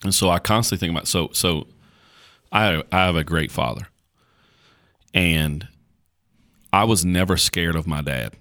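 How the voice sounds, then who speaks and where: A man's voice: deep voice, a little slow, long pauses. A man, a pastor, chatting on a podcast, telling stories with many fillers and restarts. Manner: storytelling, folksy and animated, with many fillers and restarts. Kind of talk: casual podcast conversation.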